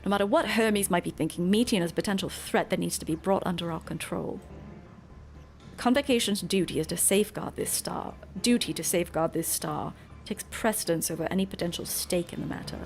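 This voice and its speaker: A woman voicing solemn ancient scholars from a game story in a put-on British accent, with a grave, measured delivery. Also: lowish voice, gravelly.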